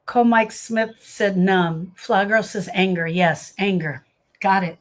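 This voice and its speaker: A woman's voice: mid-range voice, slow pace. A middle-aged woman coaching people through grief in a casual livestream. She answers viewer comments and speaks earnestly and emphatically, calling people by name. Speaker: grief coach hosting a live session.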